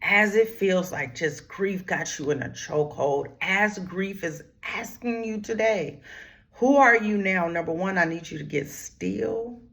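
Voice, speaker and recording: A woman therapist hosting a talk on grief, speaking emphatically and straight to her listeners, dropping to a hush one moment and rising with force the next. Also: fairly low pitch, unhurried, hardly any pauses. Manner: emphatic, preacherly, talks straight to listeners with "y'all"; swings from hushed whispers to raised, forceful lines. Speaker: grief therapist and channel host.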